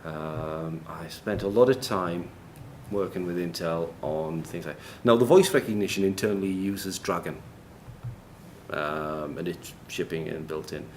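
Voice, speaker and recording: Low-voiced man giving a joking tech demo. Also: unhurried, a little hiss or hum. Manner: chatty, joking, laughs often, many ums. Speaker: conference speaker. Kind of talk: live tech demo talk. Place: noisy, echoey conference room.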